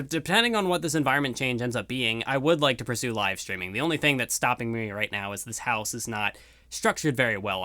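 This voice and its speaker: A man's voice: medium pitch, pushed and bright, clear, resonant tone, no echo, studio quality. A young man rambling casually through a video outro at home, self-deprecating and full of fillers. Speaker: YouTuber. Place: room at home.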